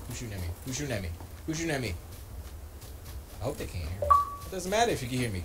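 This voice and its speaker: A man's voice: medium pitch, big pitch swings, very fast, long pauses, background noise. A man chatting casually on a live stream while gaming, slangy and trash-talking. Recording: music playing behind. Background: music.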